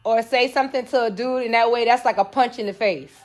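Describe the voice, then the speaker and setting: A lively young woman hosts a casual live chat, often laughing and acting out quoted lines in sudden shifts of voice. Her voice sits a little high for a woman. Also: fast. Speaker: host.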